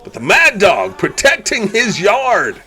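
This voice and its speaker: A man with a very high, piercing voice calls a wrestling match as live play-by-play. He is excitable and often breaks into shouts at the big moves, his pitch leaping around. A faint crowd murmurs behind him. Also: unhurried. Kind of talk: live sports commentary.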